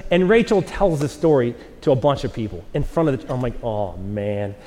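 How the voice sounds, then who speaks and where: A man's voice: medium pitch, animated, normal speed, mellow, in a large hall. A man in his forties, a pastor preaching a sermon to a live church audience, telling a self-mocking story in a casual way and acting out the quotes.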